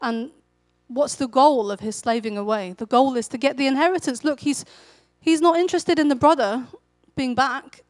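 This woman's voice sits fairly high as she preaches a casual, chatty sermon at a moderate pace with few pauses. She brings extra energy when acting out what a character says. There's no room sound, just a close, dry recording.

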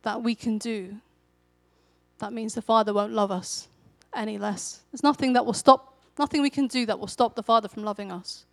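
A woman's voice: fairly high pitch, normal speed, vocal fry, no room sound. Conversational woman preaching a sermon. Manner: conversational storytelling, animated when quoting.

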